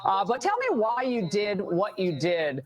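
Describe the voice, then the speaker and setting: A woman hosting a TV news interview, animated and amused. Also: medium pitch, measured pace. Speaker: TV news host.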